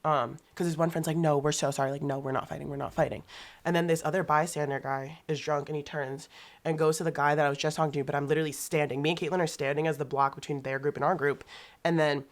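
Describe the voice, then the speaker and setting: A young woman with a low, deep voice tells a story in a loose podcast chat. She swears freely and acts out what others said. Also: little pitch movement, fast. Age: young adult. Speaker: podcast guest. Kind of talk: casual storytelling.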